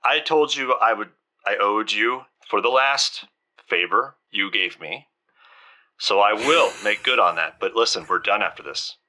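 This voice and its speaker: A man voicing a hushed, exasperated woman who curses at her blackmailer in a tabletop game. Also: fairly high pitch, huge pitch swings, moderate pace, full character voice. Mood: hushed angry.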